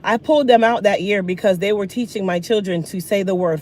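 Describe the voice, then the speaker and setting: Woman, thirties, sassy rant, speaking while eating, middle-pitched voice. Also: a little fast, few pauses. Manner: animated, sassy, talks with food in mouth. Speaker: hair care vlogger. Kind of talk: casual rant while getting ready.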